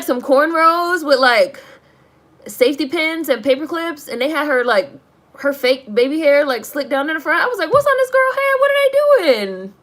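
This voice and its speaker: Streamer woman, slightly high voice, fast profane venting to chat. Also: a bit bright. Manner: profane, exasperated, laughs while ranting; heavy use of "like". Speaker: streamer reviewing a movie. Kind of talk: casual rant to a live chat.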